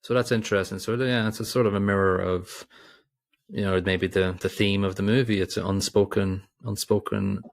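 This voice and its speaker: A man's voice: on the low side, steady tone, brisk, no echo, clean studio sound. A man co-hosting a podcast, chatting casually about a film with rambling restarts and asides. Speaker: podcast co-host. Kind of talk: casual film review chat.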